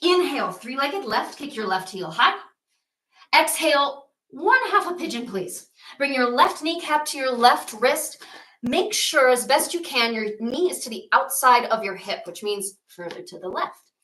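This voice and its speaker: A woman yoga teacher guides a class through poses and weaves in a myth, with playful asides. Her voice is high and bright. She sounds roomy and set back from the mic. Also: lively intonation, measured pace, far from the mic.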